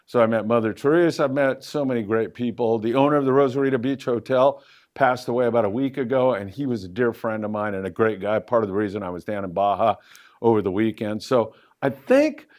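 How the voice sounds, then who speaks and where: Middle-aged man telling lively fishing stories. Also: a little fast. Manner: lively anecdotal storyteller with loose fillers, pitch jumping up for emphasis. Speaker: fishing show host answering audience questions. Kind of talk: live Q&A storytelling. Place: event room with a live audience.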